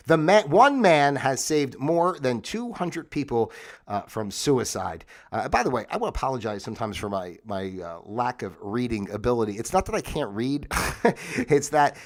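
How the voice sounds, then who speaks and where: A man's voice: mid-range voice, animated, brisk. A middle-aged man hosting a casual livestream, reading out facts in a rambling, jokey way and breaking off into asides. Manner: rambling, jokey, self-interrupting. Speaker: livestream host. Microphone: phone.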